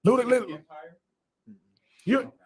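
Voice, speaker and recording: A man's voice: very high-pitched, slow pace. A man with a Southern US accent co-hosting a casual sports talk show, telling stories and acting out quotes. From American South. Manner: animated storyteller, acting out quotes. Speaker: co-host.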